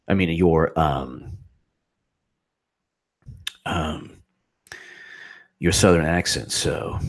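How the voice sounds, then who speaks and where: Deep-voiced man hosting a livestream. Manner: effusive, thanks viewers at length. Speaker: political commentary livestreamer. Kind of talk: casual livestream commentary.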